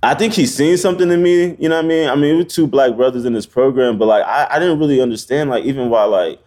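A man, a photographer as podcast guest, telling a story in a loose, slangy, animated way with many fillers. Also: medium pitch, fast talker. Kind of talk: casual storytelling interview.

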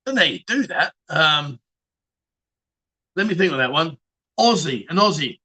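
A man's voice: a little high, animated, a little slow, pauses often, pushed and bright, husky. A man hosting a casual livestream chat show, reading viewer comments and joking around with frequent laughs and swearing.

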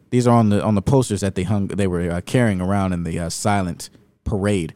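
A man's voice: low-pitched, a little fast, dark tone, dry recording. A man reading newspaper clippings from a book aloud and commenting on them in an emphatic, sarcastic way. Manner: emphatic and sarcastic, with rising indignation. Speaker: video host reading from a book.

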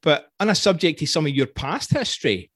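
A man's voice: fairly high pitch, sing-song, fairly quick, a bit bright, slightly rough, no room sound. A middle-aged man with a Scottish accent, hosting a casual interview and telling stories with easy laughs. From Scotland. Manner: chatty, laughs easily, storytelling. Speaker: podcast host.

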